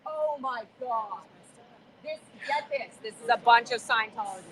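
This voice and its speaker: A young woman outdoors on a street, talking in an excited, shaken way as a protester. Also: a little high, unhurried, a little hiss or hum, rough recording. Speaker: ex-member protester. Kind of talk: emotional street conversation.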